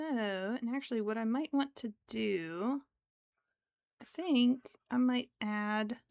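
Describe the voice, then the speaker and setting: A woman streaming her crochet work, talking softly in baby talk to her cat between steps. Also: fairly high pitch. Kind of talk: casual livestream chat.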